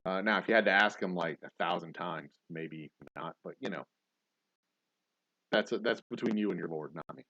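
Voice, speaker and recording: A man with a lowish voice chats loosely on a livestream, wandering off on tangents with sarcastic, profane asides. The sound is muffled and lo-fi, and the voice sits close and dry with no room echo. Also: normal speed, sharp tone. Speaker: host. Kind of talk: casual livestream chat.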